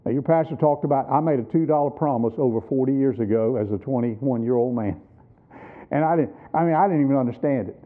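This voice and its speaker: A man's voice: medium pitch, fast. A man in his sixties preaching a sermon at a missions conference, emphatic and teaching with rhetorical questions. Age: 60s. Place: church. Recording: tinny phone-like sound.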